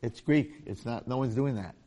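Storytelling rabbi acting out voices. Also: male voice, mid-range voice, normal speed, warm tone, dull audio. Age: middle-aged. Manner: storytelling with acted-out voices and jokes. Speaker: rabbi and teacher. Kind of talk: informal Torah lecture to an audience.

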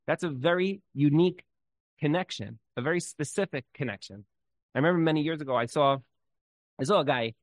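A man's voice: mid-range voice, no room sound, poor audio. A man teaching an informal Torah class, talking loosely with many fillers and telling stories with energy. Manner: conversational, many "like" fillers, lively storytelling.

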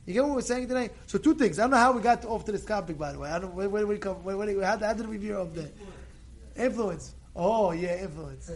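Speaking a touch quickly, this high-voiced rabbi leads a relaxed Torah talk before a live audience, circling back to the same phrases to drive his message. His energy swings between quiet, almost mumbled remarks and loud, insistent calls, all sprinkled with Hebrew blessings.

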